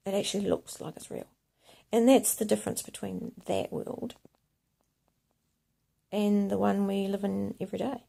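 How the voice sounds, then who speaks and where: Woman, video blogger, rambling monologue, heavy vocal fry, husky tone, slips into whispers. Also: medium pitch, fairly even intonation, moderate pace, long pauses. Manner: rambling, often drops to a hushed whisper.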